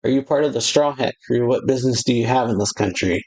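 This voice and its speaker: Proud giant guard, voiced by a male reader, brisk and dismissive. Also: mid-range voice, a little mellow, close to an everyday voice, poor audio. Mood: scornful. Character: gruff rude male giant castle guard.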